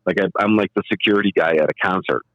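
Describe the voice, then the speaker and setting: A man with a fairly low voice spins rambling anecdotes in a casual chat, slipping into lively quoted voices. The audio is dull and lo-fi, with a dry, close sound. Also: racing, dry recording.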